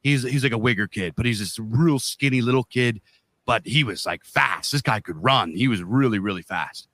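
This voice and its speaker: Bright, swearing male podcast host. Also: mid-range voice, normal speed, dry recording. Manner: profane, rambling, fired-up storyteller. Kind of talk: casual podcast storytelling.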